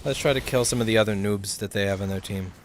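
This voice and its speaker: A man's voice: on the low side, fast. A man casually commenting live on his video game, swearing often, ranting in frustration and answering his chat. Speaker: livestreamer playing a video game. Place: at a computer while streaming.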